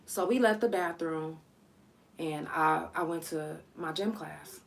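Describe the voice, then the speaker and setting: Profane woman telling a halting personal story. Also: low-pitched, vocal fry, a little hiss or hum. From Oklahoma, USA. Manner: loose, profane, halting storytelling with many ums; sharp, irritated scolding at callers. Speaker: podcast host. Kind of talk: live storytime podcast.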